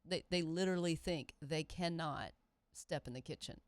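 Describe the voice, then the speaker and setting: A woman's voice: low-pitched, normal speed, no room sound. A middle-aged woman, a pickleball coach, talking casually and emphatically as an interview guest. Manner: animated, emphatic, quotes players in character.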